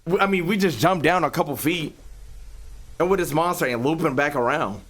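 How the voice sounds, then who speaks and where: A man's voice: on the high side, brisk, a bit bright. A young man streaming a live reaction. He talks to his chat with plenty of profanity and yelps when something startles him.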